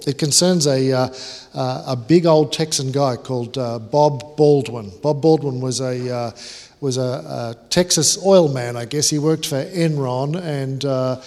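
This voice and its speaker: A man's voice: medium pitch, a little mellow. Australian male guest preacher, conversational storyteller, big reverberant chapel. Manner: chatty, self-deprecating, many restarts. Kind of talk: sermon with casual storytelling. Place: large chapel hall. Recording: chapel sermon with long hall reverb.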